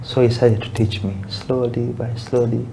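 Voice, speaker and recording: Young adult man from Uganda, earnest and halting, mid-pitched, a bit of background hiss. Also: little pitch movement, vocal fry, mellow. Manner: earnest, halting, with frequent restarts. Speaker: barista guest. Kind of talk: casual interview.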